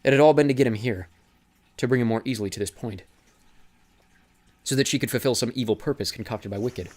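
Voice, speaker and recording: A man narrating an audiobook in a steady, dramatic reading style. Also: mid-range voice, a little fast. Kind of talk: scripted narration.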